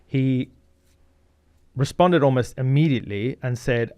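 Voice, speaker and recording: A middle-aged man from Zimbabwe, speaking as an interview guest at a middle pitch. He tells his story earnestly, with lots of ums and restarts. The sound is close and dry. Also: steady tone, moderate pace, darkish tone, clear, resonant tone, no room sound. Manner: earnest, anecdotal, many fillers. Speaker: guest, media founder.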